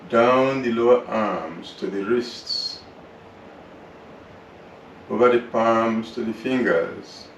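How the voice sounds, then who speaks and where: A man teaching yoga, guiding a slow relaxation through the body and then breathing practice in a soothing, unhurried way. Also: medium pitch. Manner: slow, soothing, drawn-out guidance. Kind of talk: guided relaxation and yoga instruction. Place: yoga class room. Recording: roomy, distant mic with faint noise.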